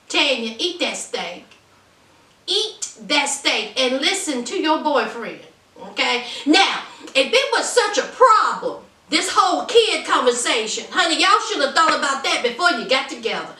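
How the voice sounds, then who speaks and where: A woman's voice: high voice, big pitch swings, a little slow, bright, forceful tone, distant mic. A woman giving sassy, gossipy casual commentary on a reality show, calling her viewers honey and child. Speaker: reality TV reviewer. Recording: roomy, voice off the mic.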